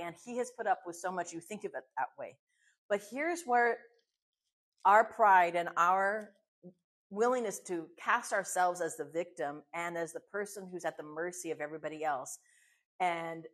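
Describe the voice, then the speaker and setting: A woman's voice: mid-range voice, fairly bright tone, breathy edge. A woman teaching a women's Bible study, chatty and encouraging, who fires off rhetorical questions and answers them herself. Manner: chatty and encouraging, with fillers and restarts.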